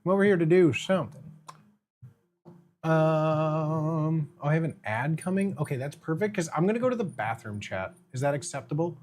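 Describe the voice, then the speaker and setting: Streamer voice, casual live-stream chat, playful and giggly, mid-pitched. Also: animated, normal speed, darkish tone. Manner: playful, chatty, talks to chat, laughs often; eating candy while standing.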